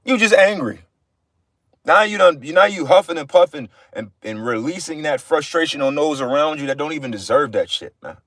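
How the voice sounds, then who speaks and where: Man, fairly high voice, blunt and profane, exhorting in an informal livestream sermon, dry sound. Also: expressive, a little fast, a bit bright, no room sound. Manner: repeats phrases for emphasis. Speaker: livestream preacher.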